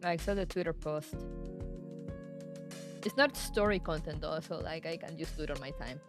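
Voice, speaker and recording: A woman's voice: low-pitched, normal speed. A woman streaming, chatting casually with her viewers in a rambling way, with frequent laughs. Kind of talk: casual live-stream chat. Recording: music playing behind.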